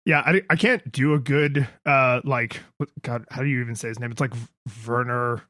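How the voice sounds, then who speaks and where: A man's voice: medium pitch, steady tone, moderate pace, sharp tone, no echo, clean studio sound. A man co-hosting a casual podcast chat who rambles, makes fun of himself and acts out quotes in a raised voice. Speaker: podcast co-host.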